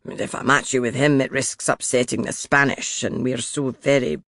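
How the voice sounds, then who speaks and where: A man's voice: medium pitch, steady tone, normal speed, creaky, a bit bright, dry recording, clean studio sound. A man voicing a crude Scottish king, teasing. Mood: mocking. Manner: coarse, teasing, mumbling to himself. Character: crude mocking middle-aged male king. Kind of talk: audiobook character voice.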